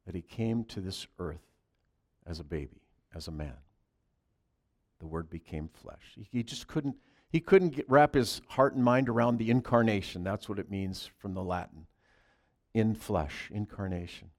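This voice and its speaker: A man telling a Christmas Eve story as a preacher, in a soft, halting way that drops to a hush. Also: fairly low pitch.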